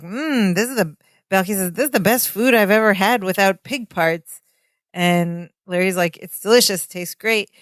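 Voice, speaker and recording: A woman's voice: medium pitch, clear, resonant tone, no echo, clean studio sound. A woman co-hosting a podcast, recapping a sitcom episode in casual chat and acting out the characters' lines as she goes. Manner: animated retelling, acting out lines. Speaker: podcast co-host.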